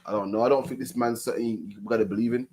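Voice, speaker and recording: A man's voice: medium pitch, fairly even intonation, very fast, darkish tone. Preachy man who mocks and repeats himself. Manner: preachy, repeats "man" at line ends, mocking mimicry. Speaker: street preacher. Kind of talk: religious street commentary.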